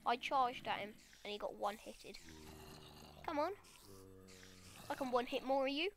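A woman giving excitable let's play commentary, chattering at the monsters in her game. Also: high-pitched, unhurried, slight background noise. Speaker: gamer.

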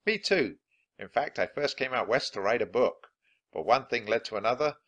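Easygoing cowboy drawl, lively ups and downs, a bit raised, man doing the voice for a storybook. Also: medium pitch, normal speed, lo-fi sound, natural voice. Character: easygoing adult male cowboy mustang herder.

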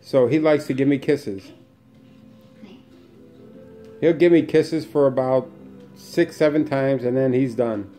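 A man's voice: slow pace, long pauses, dark tone, soft background music. A man casually narrating a home video about his pet parakeets. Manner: talks to the bird in a high coaxing sing-song. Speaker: pet bird owner filming his parakeets. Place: room at home with birds.

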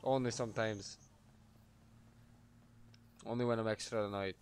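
A young man streaming a game, swearing constantly and breaking into shouted rants. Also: fairly low pitch, fairly even intonation, measured pace, clear, resonant tone. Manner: foul-mouthed, ranting, erupts into shouting. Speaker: gaming streamer. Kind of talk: casual gameplay commentary.

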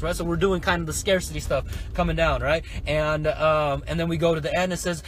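A man telling a casual story about a sales webinar in an animated way, often checking in with "right?". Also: fairly high pitch, fast talker, few pauses, a little hiss or hum. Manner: animated, keeps asking "right?". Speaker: online entrepreneur.

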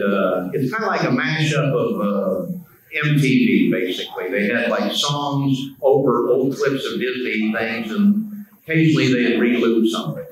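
Easygoing older man in an echoey hall. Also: medium pitch. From United States. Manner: easygoing, chatty, self-deprecating. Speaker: panel guest voice actor. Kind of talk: relaxed anecdotal storytelling. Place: convention panel room. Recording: echoey convention hall, distant mic.

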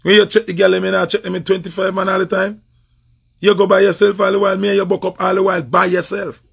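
A man's voice: high voice, little pitch movement, quick pace, creaky, a bit bright, husky. A man with a Jamaican accent delivering a confrontational, repetitive rant in patois. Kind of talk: heated social media rant.

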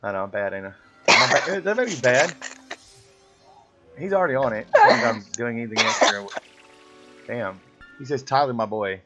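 This male gamer, streaming with his buddies, has a mid-range voice and an animated, fairly quick delivery broken by long pauses. He teases them with slang and drops into silly voices during casual gameplay talk, captured on muffled lo-fi audio with music faintly audible.

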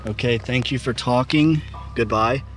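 A man hosting a paranormal vlog at an isolated bridge. He talks at an ordinary mid pitch, dropping to hushed asides and then jumping to startled, cursing outbursts. Clear background music runs under his voice the whole time. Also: measured pace. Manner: excitable, jumpy, swears often. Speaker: paranormal investigator, vlog host. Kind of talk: on-the-spot ghost-hunting vlog. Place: outdoors at a bridge in rural woodland.

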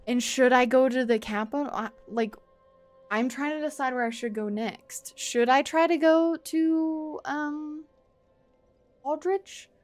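A high-pitched woman streaming a game, talking casually and unhurriedly, with playful, over-the-top mock grief and swearing. Faint game music plays underneath her. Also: measured pace. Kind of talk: casual gameplay commentary.

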